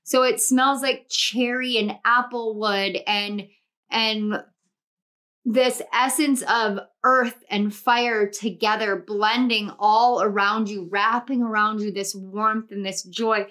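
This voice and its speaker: A woman's voice: mid-range voice, fairly even intonation, slow, fairly bright tone. A woman reading tarot cards and guiding a visualization in a soothing, flowing way, often repeating herself. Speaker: tarot reader.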